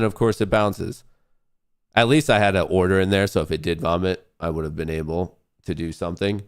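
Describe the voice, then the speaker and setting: Low gravelly man streaming live. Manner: rambling, thinking aloud to viewers; muttering to himself at his computer. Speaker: livestream host and day trader. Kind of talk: live-streamed trading commentary.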